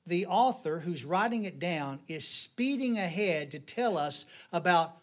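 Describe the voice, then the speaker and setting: A middle-aged man preaching a sermon in a church, folksy and joking, telling stories with animated delivery. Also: sits high, measured pace. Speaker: pastor. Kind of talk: sermon with jokes.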